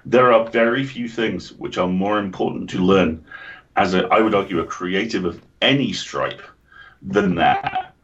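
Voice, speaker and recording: An English man with a lowish voice chats casually as a podcast co-host. He tells stories with animation and swears freely. The recording sounds dull and lo-fi. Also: unhurried, fairly bright tone. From England. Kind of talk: casual chat.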